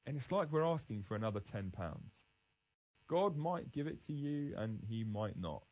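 A man's voice: mid-range voice, lively intonation, moderate pace, a little mellow, poor audio. A man giving an earnest, emphatic devotional Bible talk, restarting phrases as he goes. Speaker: Christian speaker.

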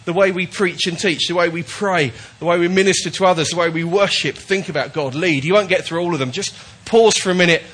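Male pastor, sermon delivery, fairly high pitch, emphatic with frequent restarts. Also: a little fast, hardly any pauses, fairly bright tone. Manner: emphatic, repetitive, with false starts.

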